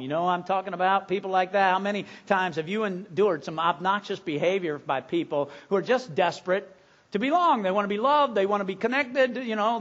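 Guy preaching a sermon, pretty high voice, goes from soft n slow to loud n excited, muffled lo-fi audio. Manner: moves from hushed and slow to loud and emphatic. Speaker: pastor.

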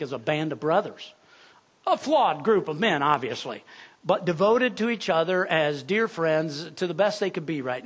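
Earnest male preacher, muffled sound. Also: on the high side. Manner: earnest, drops to a hush at key points. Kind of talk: sermon storytelling.

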